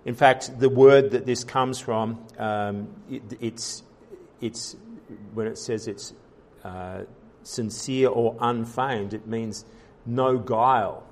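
Pastor, male, mid-pitched voice, preaching earnestly, halting with fillers and restarts, building emphasis on key points. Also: steady tone. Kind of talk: sermon.

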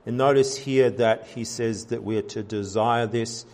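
A man's voice: mid-range voice, fairly even intonation, unhurried, darkish tone, slight background noise. Earnest man preaching a sermon. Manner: earnest preaching, many fillers and restarts, rising emphasis. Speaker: pastor.

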